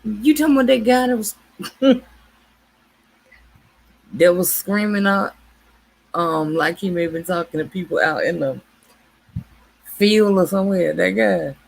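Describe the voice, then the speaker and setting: Woman livestream host, husky and gravelly, lively pitch, easy unhurried chat with viewers. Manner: chatty, laughs often, greets viewers warmly by name.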